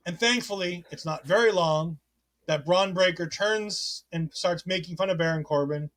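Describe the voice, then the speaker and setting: A man with a high, light voice hosts a relaxed wrestling recap. He talks in a chatty, rambling way, often restarting his sentences, and reads listener comments aloud to his co-host. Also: normal speed. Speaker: podcast host. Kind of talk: casual wrestling recap chat.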